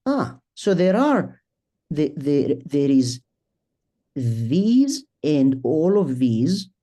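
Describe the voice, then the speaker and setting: A middle-aged man presenting a statistics talk at a symposium, speaking haltingly, restarting sentences and thinking aloud as he works through his slides. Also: on the high side, sing-song, mellow. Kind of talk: academic statistics lecture.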